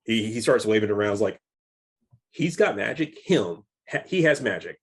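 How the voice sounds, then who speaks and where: A young man chatting casually about a movie, excited and stumbling over restarts and repeated words. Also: lowish voice, moderate pace, slightly rough. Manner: excited, stammering with many restarts. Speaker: movie reviewer. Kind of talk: casual chat.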